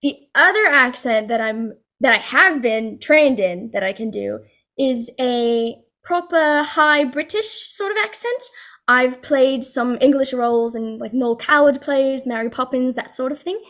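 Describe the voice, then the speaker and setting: A woman's voice: a little high, unhurried, fairly bright tone. A young woman from New Jersey, chatting expressively as a guest on a video-call interview. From New Jersey, USA. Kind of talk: casual interview chat.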